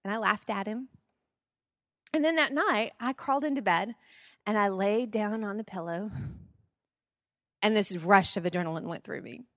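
A woman in her forties telling personal stories at a parenting seminar, expressive and laughing often. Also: on the high side, measured pace, pauses often, dry recording, clean studio sound. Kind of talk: personal storytelling talk.

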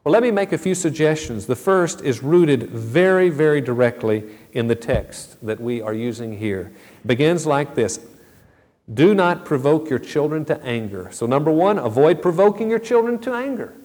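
A man's voice: fairly high pitch, animated, normal speed, a little mellow. A middle-aged man preaching a sermon as a pastor, earnest and conversational, with storytelling asides. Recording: long reverb of a large hall.

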